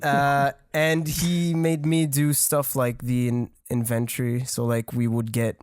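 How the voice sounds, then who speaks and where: A man's voice: medium pitch, monotone, measured pace, darkish tone, clean tone, no room sound, studio quality. Rambling young man with a French accent. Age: 20s. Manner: rambling, profane, laughing often. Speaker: podcast guest. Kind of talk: casual storytelling chat.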